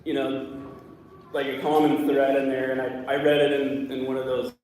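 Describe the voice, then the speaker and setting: A man speaking at a memorial, halting and emotional, with many fillers, in a large room. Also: medium pitch, monotone, darkish tone, a little hiss or hum. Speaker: eulogy speaker. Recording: echoey hall from far off.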